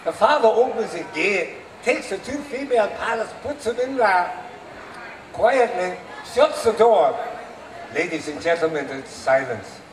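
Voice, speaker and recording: Man telling a joke at a faire, high voice, lively swoops, echoey far-off sound, noisy background. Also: measured pace. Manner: animated storyteller, addresses audience. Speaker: renaissance faire performer. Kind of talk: stand-up joke telling to a live crowd. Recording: echoey open air from far mic, noisy.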